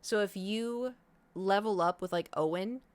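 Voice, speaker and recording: A woman's voice: medium pitch, smooth, no echo. Woman streamer, casual rambling chat, filler-heavy, dry close sound. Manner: rambling, quick, many fillers.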